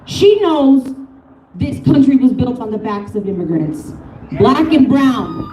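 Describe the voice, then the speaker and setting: A high-pitched woman with a mellow tone delivers a fiery, unscripted protest speech. She swears freely and laughs between lines. She is heard from a distance with echo. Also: huge pitch swings, a little slow, slight background noise. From Colorado. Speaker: rally speaker. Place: outdoor protest rally. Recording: echoey, from a distance.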